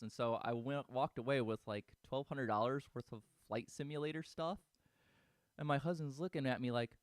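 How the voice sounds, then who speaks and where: A man's voice: medium pitch, brisk, fairly bright tone, no room sound. Guy streaming a game, rambly easygoing chat, music going behind him. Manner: rambling, chatty, swears casually. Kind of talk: casual live-stream chat.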